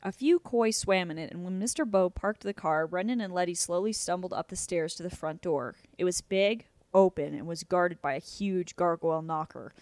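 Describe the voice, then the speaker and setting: A woman narrating a novel aloud in a steady, even storytelling manner. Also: fairly low pitch, moderate pace, few pauses, no room sound. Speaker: audiobook narrator.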